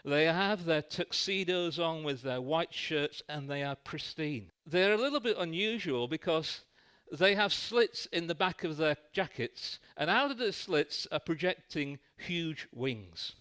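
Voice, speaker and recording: A man's voice: fairly high pitch, animated, a little slow, hardly any pauses, a bit bright, clear, resonant tone. A man preaching a sermon in a church, telling a light-hearted story.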